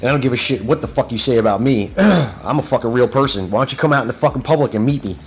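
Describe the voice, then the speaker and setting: With a mid-range voice and lively intonation, this talk-show host talks fast through a bit of hiss or hum. His rant is profane, heated and wandering, studded with "you know what I mean," on a dull lo-fi track with faint music.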